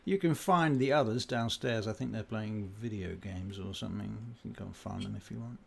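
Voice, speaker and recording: A man's voice: on the low side, fairly quick, vocal fry, husky, exaggerated voice. A man voicing a brusque, powerful vampire official in a tabletop game, dry and understated. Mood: curt.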